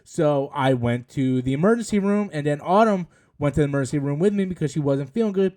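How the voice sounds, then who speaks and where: A man's voice: on the high side, lively intonation, quick pace, darkish tone. Chatty male live-stream host. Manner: chatty, rambling, reads viewer messages. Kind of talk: casual live-stream review chat.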